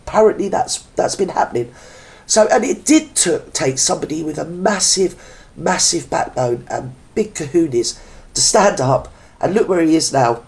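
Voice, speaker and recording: A man's voice: on the high side, expressive, moderate pace, darkish tone. Blunt ranting man. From Britain. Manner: earthy working-class slang. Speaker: reaction video host. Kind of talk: opinionated reaction rant.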